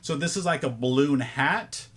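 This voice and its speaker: A man's voice: fairly high pitch, normal speed, fairly bright tone. Chatty man sorting a thrift haul. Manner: chatty, thinking aloud while sorting items. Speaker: reseller showing a thrift haul. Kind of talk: casual vlog chat.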